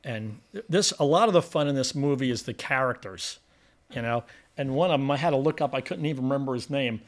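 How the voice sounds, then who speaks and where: A man's voice: mid-range voice, brisk. A man hosting a film review podcast in a casual, rambling chat with many restarts.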